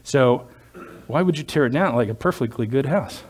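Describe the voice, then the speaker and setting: A man preaching a sermon as a pastor, at an ordinary middle pitch. He talks in a loose, conversational way, drifting into side stories and throwing in jokes for the congregation. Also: animated, normal speed, darkish tone, breathy edge. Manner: conversational, digressive, joking asides.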